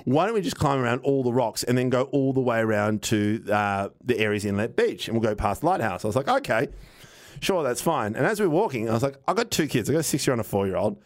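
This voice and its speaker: A man, telling a casual, animated anecdote on a podcast, acting out what people said and swearing now and then. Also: medium pitch, fast. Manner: animated, rambling anecdote with acted-out quotes and swearing. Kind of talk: casual storytelling chat.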